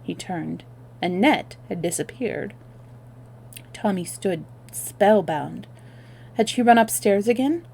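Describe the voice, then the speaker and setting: A woman's voice: mid-range voice, takes it slowly, creaky, long pauses, a little hiss or hum. Woman reading a story aloud. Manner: expressive reading with small self-corrections. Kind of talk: reading a novel aloud on a livestream.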